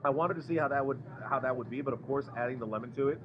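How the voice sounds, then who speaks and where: An excitable man hosting a live food taste test in a restaurant, gushing and tripping over his words. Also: medium pitch, rapid-fire. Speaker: podcast host doing a live food review. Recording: muffled live stream with background noise.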